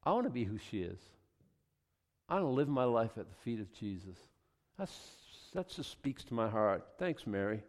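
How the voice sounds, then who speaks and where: A man preaching a sermon, reading scripture aloud and commenting on it, at times building to loud, emphatic passages. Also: fairly low pitch, sing-song, moderate pace, big-room sound.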